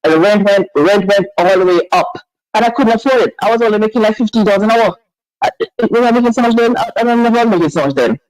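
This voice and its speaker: A woman's voice: medium pitch, fast talker, a little mellow, no room sound, low-quality recording. A woman phoning in to a talk show. She speaks earnestly and stumbles, repeating and restarting her phrases. The sound is close and dry, with no room around it. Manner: emotional, earnest. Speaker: caller. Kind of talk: phone-in chat.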